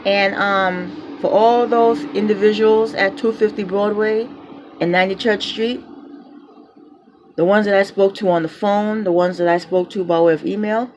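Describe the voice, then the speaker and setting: A woman's voice: medium pitch, steady tone, moderate pace, a little mellow, highs cut off. A defiant woman with a New York accent rants on a phone-camera vlog from inside her apartment. She hammers the same phrases again and again and laughs scornfully between them. A faint hum of outdoor noise sits behind her voice. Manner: defiant, repetitive, laughs mid-rant. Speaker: public housing tenant vlogger. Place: apartment, indoors.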